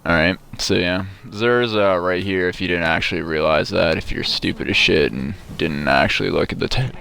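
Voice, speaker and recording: Low-voiced man, sarcastic gameplay commentary. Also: moderate pace, creaky, bright, forceful tone, clear, resonant tone. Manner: sarcastic, mock-bragging, profane; rambling with frequent restarts. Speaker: gamer commenting on his play.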